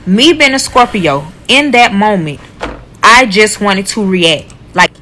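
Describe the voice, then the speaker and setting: A woman telling a casual storytime, blunt and profane, animated as she retells what happened. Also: medium pitch, slow pace, slight background noise, poor audio.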